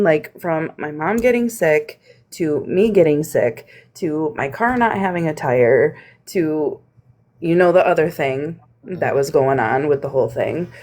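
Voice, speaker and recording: A woman telling a story in casual chat, animated, swearing freely and acting out what people said. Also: low voice.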